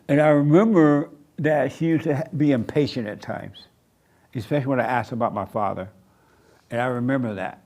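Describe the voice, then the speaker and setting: An older man preaching in a plain, slow, storytelling way, acting out what people say. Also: mid-range voice, a little mellow. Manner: slow, plain-spoken, storytelling with acted-out quotes. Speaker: pastor. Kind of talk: sermon answering questions. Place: church meeting room.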